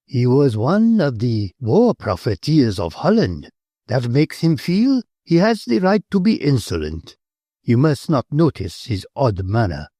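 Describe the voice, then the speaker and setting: A man's voice: mid-range voice, very animated, unhurried, dark tone, dry recording. Man doing a fancy count, polite and kinda nervous, stiff formal way of talking, dry close sound. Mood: confiding. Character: elegant aristocratic count, polite but nervous uncle.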